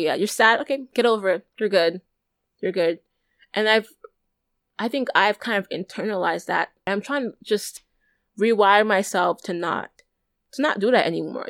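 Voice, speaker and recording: A young adult woman talks through her own thoughts on a solo podcast, earnest and open. Her voice sits at an everyday middle pitch, and she often circles back over a phrase before she finishes it. The sound is dry and close, with no room around it. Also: a bit bright, dry recording. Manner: candid and earnest, often repeating and restarting phrases. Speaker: podcast host. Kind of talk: solo reflective podcast monologue.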